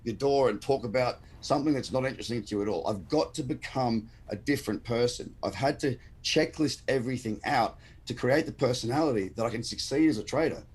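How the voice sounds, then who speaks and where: Husky, blunt Australian man. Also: medium pitch, a little fast, few pauses, a little mellow. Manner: blunt, passionate, emphatic. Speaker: guest trader and educator. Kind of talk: livestream interview chat.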